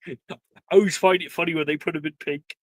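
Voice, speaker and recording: GM voicing a gentle giant man, low and mumbling. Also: steady tone, fast talker, no echo, natural voice. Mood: amused. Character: big gentle half-giant groundskeeper man.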